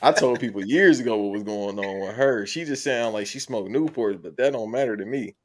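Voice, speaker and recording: A man with a fairly low voice jokes around in a crude, storytelling way. His talk is relaxed podcast banter between friends. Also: brisk. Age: adult. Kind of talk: casual chat.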